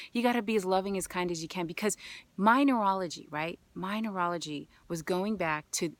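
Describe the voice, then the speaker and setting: A woman speaks straight to her viewers in a relaxed self-help monologue. Her voice sits low and has a gravelly fry. She tells her story with big swings, from hushed asides to loud, emphatic lines. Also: no echo. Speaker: healer and vlog host.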